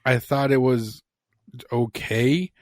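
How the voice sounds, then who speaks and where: Male co-host, mid-pitch, dry close sound, blunt and casual with swearing. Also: slow pace, no room sound. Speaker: podcast co-host. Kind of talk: casual chat.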